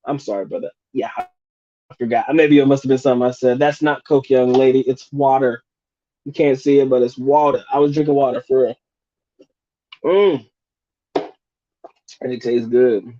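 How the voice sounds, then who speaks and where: A man's voice: medium pitch, steady tone, normal speed, long pauses, mellow, highs cut off. A man hosting a live stream, chatting casually and profanely, restarting and rephrasing as he goes. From United States.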